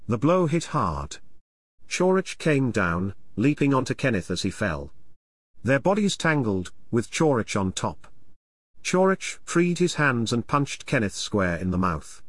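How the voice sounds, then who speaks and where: A man reading an audiobook chapter as narrator in an expressive storytelling manner. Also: mid-range voice, measured pace, no echo. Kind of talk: scripted narration.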